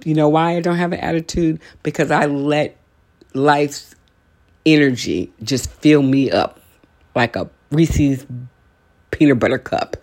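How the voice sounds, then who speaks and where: A podcast host giving a motivational talk, urging listeners on with emphatic, repeated lines and the odd joking aside. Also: male voice, fairly high pitch, a little slow, long pauses. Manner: emphatic, repetitive exhortations.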